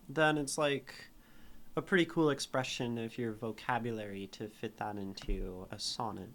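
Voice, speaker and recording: A man's voice: mid-range voice, moderate pace, a bit bright. A man streaming live, reading a poem aloud and then picking apart its meter and syllables. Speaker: streamer critiquing poetry.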